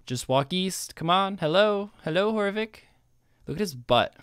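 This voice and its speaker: A man's voice: sits high, expressive, a little slow, fairly bright tone, clean tone, no room sound, clean studio sound. A man giving casual, sweary gameplay commentary and scolding himself for mistakes. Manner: self-scolding, swearing, jumpy. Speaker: guest gamer.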